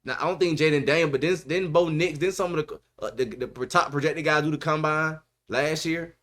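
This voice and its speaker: A man's voice: fairly high pitch, fairly quick, fairly bright tone. A man hosting a podcast in casual sports chat, emphatic and repetitive, dropping "bro" often. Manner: emphatic, repeats himself, says bro a lot. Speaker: podcast host.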